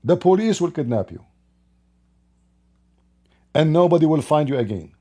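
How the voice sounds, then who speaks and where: Very animated and pitched on the high side, this online commentator speaks at normal speed with a dark tone. His opinionated monologue is emphatic and scornful, packed with rhetorical questions in plain, broken grammar.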